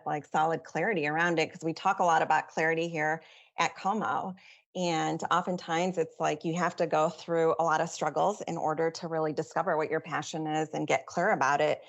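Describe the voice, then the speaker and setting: A woman co-hosting a podcast interview, reflecting on and affirming a guest's story. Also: low voice. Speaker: co-host.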